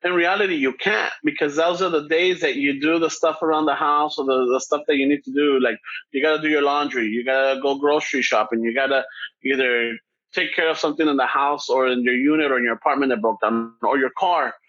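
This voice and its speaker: A man's voice: medium pitch, fairly even intonation, brisk, fairly bright tone. A man with a Chicano English accent, co-hosting a casual podcast conversation. He talks in a rambling, reflective way over a video call, slipping between Spanish and English. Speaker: podcast co-host. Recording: dull lo-fi video call audio.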